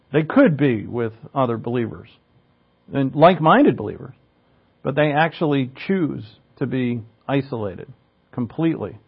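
Man preaching a teaching sermon, lo-fi. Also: medium pitch. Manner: teaching, explains Greek words, asks rhetorical questions. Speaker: pastor.

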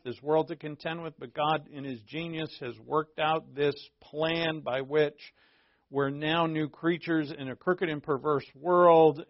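An animated man preaching in a relaxed, conversational way, slipping into quick acted-out dialogues and chuckling as he goes. His voice sits fairly high for a man. The recording is dry and a little dull, as if on modest equipment. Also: dry recording. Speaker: pastor. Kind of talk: conversational sermon.

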